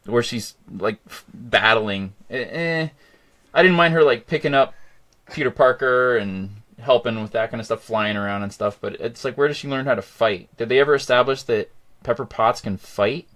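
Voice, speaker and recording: A middle-aged man hosting a casual movie chat, excitable and rambling. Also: medium pitch, moderate pace. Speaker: podcast host.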